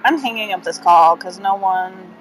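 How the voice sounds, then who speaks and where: A woman from Kentucky with a Kentucky accent, co-hosting a casual chat over a call, giggly and quick to exclaim. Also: medium pitch, faint music behind, rough recording. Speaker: podcast co-host. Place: indoors. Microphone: call audio.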